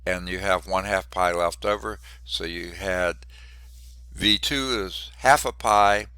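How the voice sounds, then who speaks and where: Male math instructor, congested and short of breath, bright edgy low voice, throat-clearing, wry asides. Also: slow pace, no echo. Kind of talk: classroom lecture.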